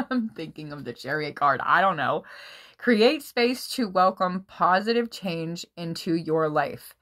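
An excitable woman does a casual tarot reading for her viewers. Her voice sits a little low but sounds bright and forceful, and she swears freely and often bursts out laughing. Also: unhurried. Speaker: tarot reader.

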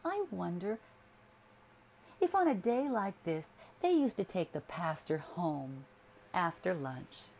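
A woman's voice: sing-song, slow pace, darkish tone, a little hiss or hum, full character voice. A woman voicing a lonely, anxious young wife who pleads in a raised, tearful voice, read as a storybook figure. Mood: wistful. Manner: pleading, tearful, higher pitched.

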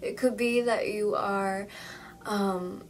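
A young woman with a slightly hoarse voice leads a tarot card reading at a slow, unhurried pace. She speaks in soothing, drawn-out phrases, and her pitch sits in the middle of the range. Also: steady tone, slight background noise, low-quality recording. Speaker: tarot reader. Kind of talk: calm guided tarot reading.

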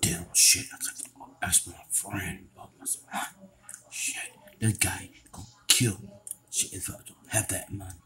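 A man's voice: low-pitched, fairly even intonation, normal speed, pushed and bright, slight background noise. A man voicing a panicked young man who owes money, in an amateur comedy skit, muttering and cursing anxiously to himself.

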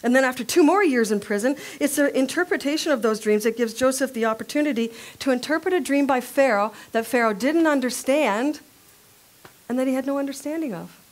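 A woman with a fairly high voice teaches from the Bible at a women's workshop. She tells the story to a live audience with lively storytelling and asks them direct questions. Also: a little fast.

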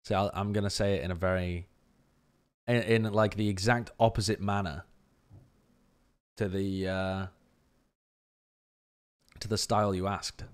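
Blunt, low-voiced esports streamer man. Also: fairly even intonation, measured pace, pauses often. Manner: blunt and profane, ranting; reads and answers viewer chat. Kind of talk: live-stream match analysis.

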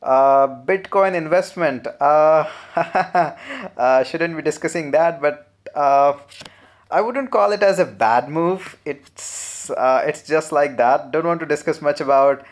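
Young man, Indian English accent, raised voice, relaxed live Q&A host, lots of fillers. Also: on the high side, slow pace. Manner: relaxed, chatty, frequent "uh" fillers, laughs often. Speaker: programming channel host. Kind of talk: live Q&A, reading viewer comments.

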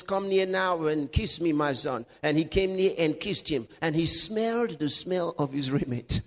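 A male pastor preaching a sermon, reading scripture aloud with laughs, dramatic pitch swings and slowed emphasis. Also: long reverb tail.

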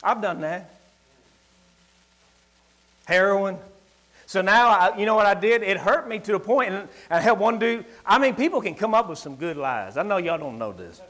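A man with a rural Southern US accent preaching a sermon. He tells folksy personal stories and swings between loud declarations and quiet asides. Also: high voice, animated, moderate pace, long pauses. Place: church service.

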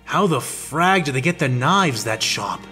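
A man's voice: a little high, animated, unhurried, bright, forceful tone, faint music behind. Rex, a man voicing a sarcastic soldier captain. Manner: sarcastic, grumbling.

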